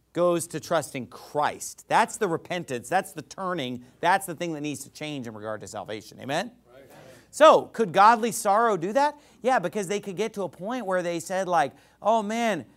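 Lively high-voiced preaching man. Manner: animated preaching, acts out imagined speakers. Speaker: pastor. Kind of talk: sermon.

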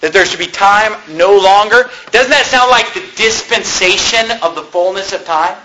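A male pastor preaching a sermon, impassioned and animated, with mocking asides. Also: high-pitched, moderate pace, noisy background.

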